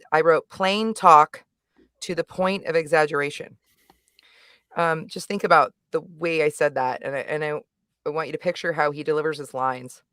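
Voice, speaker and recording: A middle-aged woman giving a casual, animated review on a livestream, emphatic and rambling, correcting herself as she goes. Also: sits low, clear, resonant tone, dry recording, studio quality. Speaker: guest reviewer.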